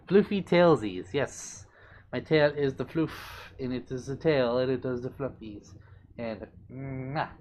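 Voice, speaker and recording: A young man hosts a casual livestream, reading viewer comments aloud and answering them in a chatty, affectionate, playful way. His voice is medium in pitch, with slight background noise.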